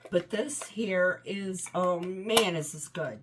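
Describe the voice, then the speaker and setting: A woman's voice: on the low side, slow pace, background noise. Chatty woman reviewing home scents. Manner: rambling, enthusiastic, trails off often. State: voice tiring, run down. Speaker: home fragrance vlogger. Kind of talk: casual product review.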